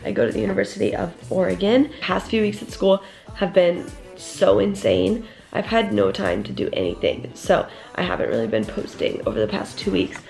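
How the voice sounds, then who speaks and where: A young college-aged woman talks casually to her camera, her speech full of "like" fillers. Her pitch swoops up and down, with a gravelly fry at the ends of phrases. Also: lively intonation, moderate pace, darkish tone, faint music behind. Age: young adult. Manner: chatty, lots of "like" fillers. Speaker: vlogger. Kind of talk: casual vlog chat. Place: at home and out on errands.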